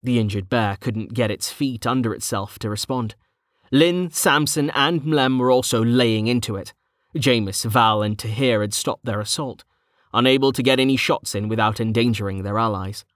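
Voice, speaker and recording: A man narrating a fantasy novel in a steady, measured storytelling voice. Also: medium pitch, no room sound, clean studio sound. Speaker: audiobook narrator.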